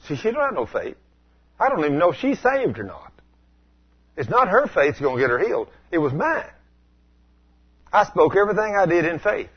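A man preaching a storytelling sermon in a folksy way, asking the congregation questions and rising to loud exclamations. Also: on the high side, very animated, fairly quick, husky, dull audio.

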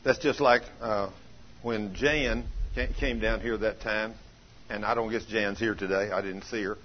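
A man preaching a folksy sermon in a homespun, plainspoken way, telling a story with bursts of excitement. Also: lowish voice, measured pace, highs cut off, a little hiss or hum.

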